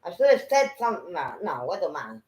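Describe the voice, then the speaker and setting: A woman telling a story in casual chat, animated and profane, acting out what people said. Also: lowish voice, fast. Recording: echoey room.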